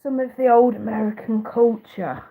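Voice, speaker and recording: A woman's voice: on the high side, fairly even intonation, moderate pace. A British woman in her thirties, a psychic reader chatting casually on a live stream, blunt and profane and often laughing. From United Kingdom. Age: 30s. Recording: tinny phone-like audio.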